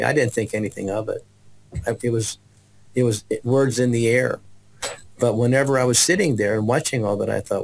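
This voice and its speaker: Give me a man telling his testimony as a guest, animated and mid-pitched. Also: fairly quick, vocal fry, rough recording. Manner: animated storyteller, acts out voices, many restarts. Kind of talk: personal testimony.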